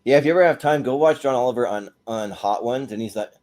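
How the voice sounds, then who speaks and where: A man's voice: medium pitch, quick pace, darkish tone. A man chatting casually on a remote panel, rambling with many fillers and laughing often. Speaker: panel regular voting on TV shows. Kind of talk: casual chat.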